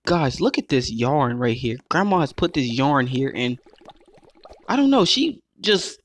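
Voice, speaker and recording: A man giving playful let's play commentary, excitable and talking straight to his viewers as he plays. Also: mid-range voice, unhurried, soft background music. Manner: excitable, calls himself "your boy", keeps addressing viewers as guys. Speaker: gaming YouTuber.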